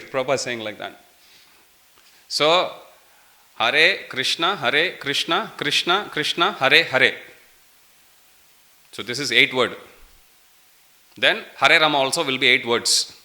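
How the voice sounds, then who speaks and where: A man preaches in a temple class, his voice very bright and ringing. He tells stories with a laugh and keeps tossing questions to his listeners. His pitch sits in the middle for a man. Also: unhurried, long pauses. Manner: lively storytelling with laughs and questions to the audience. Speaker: preacher giving a scripture class. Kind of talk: sermon. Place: temple hall.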